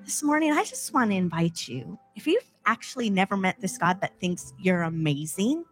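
A woman's voice: lowish voice, very animated, normal speed, soft background music. A woman pastor preaching a sermon from a church stage, impassioned, acting out inner voices with big swings in tone.

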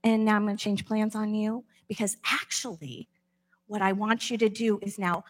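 A woman's voice: mid-range voice, fairly even intonation, moderate pace, lightly acted. A woman in a sermon voicing God as patient and wry, talking in a laid-back, matter-of-fact way. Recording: long echo of a large hall.

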